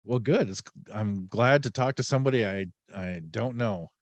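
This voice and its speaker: A man's voice: lowish voice, moderate pace, no room sound, lo-fi sound. A man hosting a podcast in casual chat, a little under the weather, rambling and joking with many fillers. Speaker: podcast host.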